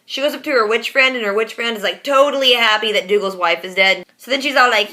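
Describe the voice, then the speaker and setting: Female vlogger, sarcastic slangy recap, bright and a bit high. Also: fast talker, few pauses. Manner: sarcastic, playful, talks back at the screen. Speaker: reaction vlogger. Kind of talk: casual slangy episode recap.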